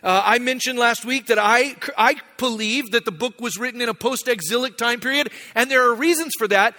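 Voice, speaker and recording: A man's voice: extremely high pitch, a little fast, sharp tone, long reverb tail. A middle-aged man, a pastor, giving a conversational, self-deprecating sermon in a church sanctuary.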